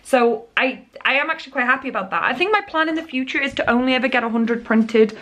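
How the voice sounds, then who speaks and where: High-voiced chatty woman vlogger. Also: fast. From England. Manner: chatty and excitable, with frequent restarts. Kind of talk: casual daily vlog chat. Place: cold living room at home.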